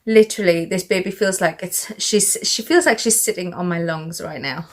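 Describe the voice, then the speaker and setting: A woman's voice: fairly low pitch, normal speed, slight background noise. A British woman chatting through a casual show-and-tell vlog, a little out of breath, rambling with fillers and asides. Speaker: vlogger.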